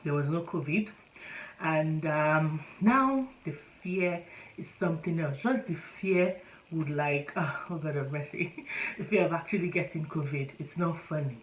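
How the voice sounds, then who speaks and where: A woman's voice: low-pitched, unhurried, rough recording. A pregnant woman vlogging in a casual chat to camera, often breaking into laughter and exclaiming as she talks. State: pregnant, short of breath.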